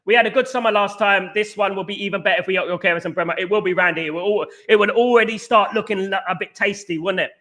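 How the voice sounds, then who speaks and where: A middle-aged man from England hosting a casual live stream, reading chat and giving emphatic, repetitive shout-outs. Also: high voice, fast, few pauses.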